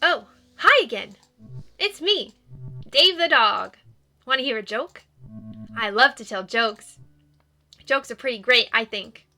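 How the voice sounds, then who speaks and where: A woman voicing a cheerful, sweet male ghost dog as she reads a game's dialogue aloud in a bouncy, excitable, earnest way. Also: a little high, unhurried, long pauses, soft background music, exaggerated voice. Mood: chirpy. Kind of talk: reading game dialogue aloud.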